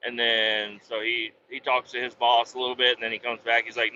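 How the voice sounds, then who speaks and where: A man's voice: mid-range voice, flat delivery, brisk, few pauses, pushed and bright. A man telling a long work story in a casual monologue. He talks bluntly, swears freely and often restarts his sentences. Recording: dull lo-fi sound with faint vehicle hum.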